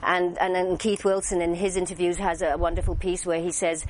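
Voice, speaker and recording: A woman's voice: fairly low pitch, a little fast, a little hiss or hum, rough recording. An older woman with an English accent, telling anecdotes in an interview, chatty with many fillers and restarts. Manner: lively storyteller, acts out quoted voices. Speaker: actress interviewee.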